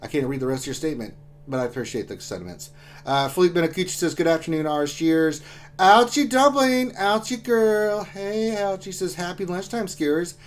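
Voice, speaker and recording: A fairly high-voiced man hosts a casual live stream and reads out chat greetings. He jokes loosely, jumps from loud shout-outs to low mutters, and talks through back pain while drinking. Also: animated, fairly quick. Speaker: livestream host.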